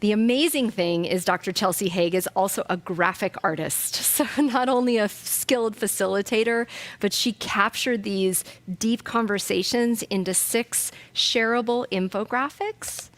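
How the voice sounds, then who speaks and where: A woman's voice: medium pitch, normal speed, dry recording. A woman hosting a charity awards ceremony, speaking in a heartfelt, emotional way. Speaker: charity event host.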